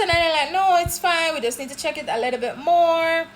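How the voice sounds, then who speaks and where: A Jamaican woman vlogging about her travels, telling stories in a chatty, animated way. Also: extremely high pitch, a little fast, slight background noise. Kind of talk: casual travel vlog chat.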